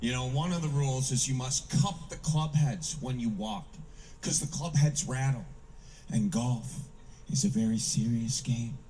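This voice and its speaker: A man's voice: mid-range voice, unhurried, mellow. A man from the American Midwest performing a self-deprecating stand-up routine with punchy asides. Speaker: stand-up comedian. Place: comedy stage before a live audience. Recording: distant stage mic with hiss.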